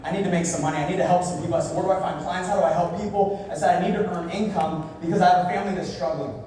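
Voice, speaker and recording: A young man giving a motivational speech at a business event, telling a personal story and dropping low and quiet at the emotional parts. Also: steady tone, very fast, slight background noise. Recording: echoey hall, from far off.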